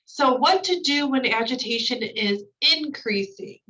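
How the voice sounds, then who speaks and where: A woman's voice: fairly high pitch, lively intonation, unhurried, pushed and bright, far from the mic, low-quality recording. A woman trainer going through slides in a recorded training lecture, explaining each point with casual fillers.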